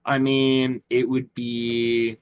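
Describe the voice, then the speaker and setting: A man's voice: medium pitch, completely flat delivery, extremely slow. A man narrating a tabletop game as game master, in a rambling way with many fillers.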